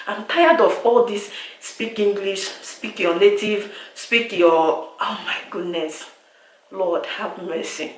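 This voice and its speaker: A woman's voice: medium pitch, measured pace. A Nigerian woman venting to camera in a vlog, exasperated and repetitive, slipping into pidgin. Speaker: vlogger. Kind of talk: direct-to-camera vlog rant. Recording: echoey room.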